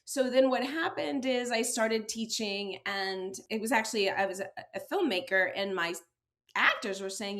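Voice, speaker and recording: A woman's voice: fairly high pitch, expressive, moderate pace, fairly bright tone. A woman, an acting teacher and author, telling her story as an interview guest and acting out quoted exchanges with a laugh.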